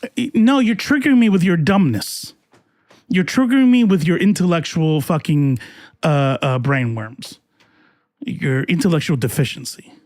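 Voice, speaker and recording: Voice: medium pitch, a little mellow, dry recording. Political host going off at chat, swearing nonstop, voice jumping all over, super dry room. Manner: profane, combative, talks back to chat. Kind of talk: heated political rant to live chat.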